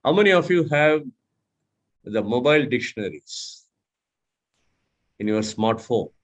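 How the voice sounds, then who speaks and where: A man's voice: medium pitch, lively intonation, a little slow. A man from India mentoring a club audience on syllable stress, who spells out letters, repeats words and asks the room questions. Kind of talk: instructional talk.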